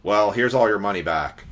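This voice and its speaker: A man's voice: deep voice, fairly bright tone. A man hosting a trading card break livestream, chatting casually and teasing his viewers.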